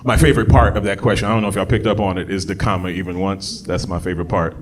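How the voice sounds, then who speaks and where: Racing through his stand-up set, this comedian speaks on the low side against background noise. His delivery is conversational until he acts out voices, when he breaks into loud shouting.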